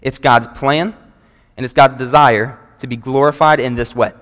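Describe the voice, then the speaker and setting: Preacher in a reverberant church. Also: male voice, mid-range voice, steady tone, a bit bright. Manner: earnest, measured, reads scripture aloud. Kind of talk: sermon. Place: church sanctuary before a congregation. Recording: long reverb of a large hall.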